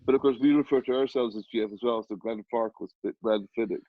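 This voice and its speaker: A man's voice: mid-range voice, fast, no echo. A man answers with wry humor, stumbling and repeating words as he goes. His voice is dry and close, passed through a slightly dull, lo-fi call line. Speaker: whisky distillery guest. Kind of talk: casual group chat on a video call. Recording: slightly lo-fi video call audio.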